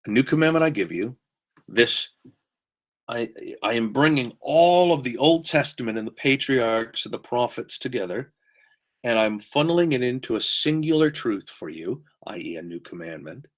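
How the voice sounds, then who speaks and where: A man's voice: mid-range voice, lively intonation, moderate pace, highs cut off. A man teaching a church course, emphatic and repeating key words for stress.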